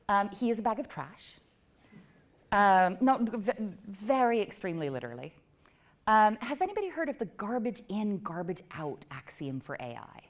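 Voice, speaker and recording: Playful woman giving a tech talk. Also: mid-range voice. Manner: playful, self-mocking, quick asides. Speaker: conference speaker. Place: event venue before a live audience.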